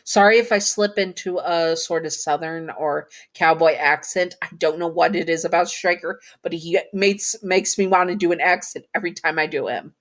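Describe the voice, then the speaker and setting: A chatty woman narrating her own fan fiction story. She reads casually and stops herself to correct details along the way. Her voice sits a touch low for a woman. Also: normal speed, hardly any pauses. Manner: chatty, with self-correcting asides.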